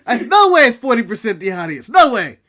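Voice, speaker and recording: A man's voice: extremely high pitch, very animated, fairly quick, bright, forceful tone. A man from the United States co-hosting a casual wrestling recap podcast, ranting and joking in a brash way. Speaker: podcast co-host.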